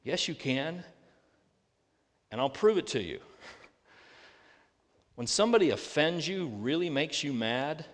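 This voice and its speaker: A pastor preaching a sermon, earnest and full of rhetorical questions, slowing down to read scripture aloud. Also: male voice, on the high side, animated, a bit bright. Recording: long reverb of a large hall.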